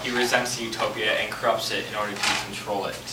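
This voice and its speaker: Man playing a hesitant professor, halting speech, stage play, echoey distant hall, noise. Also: fairly low pitch, level tone, natural voice. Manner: halting, flustered. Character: nervous, hesitant male literature professor. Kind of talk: amateur stage acting.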